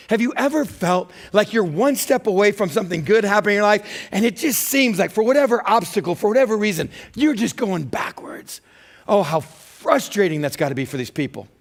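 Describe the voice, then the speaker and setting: High-voiced, animated male pastor preaching. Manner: animated storytelling, acts out complaining voices. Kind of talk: sermon.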